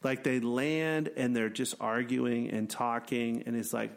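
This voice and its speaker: Male storyteller, gravelly, mid-pitch, animated, laughs a lot, casual chat. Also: a little slow. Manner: animated storyteller, laughs often, acts out quotes. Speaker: wilderness ministry program leader.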